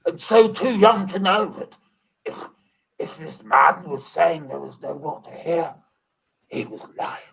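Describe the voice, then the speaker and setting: A man's voice: fairly high pitch, animated, measured pace, gravelly, a bit bright, slightly rough. A man narrating an improvised comedy story in a mock-dramatic storytelling manner. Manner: mock-dramatic, laughing through lines.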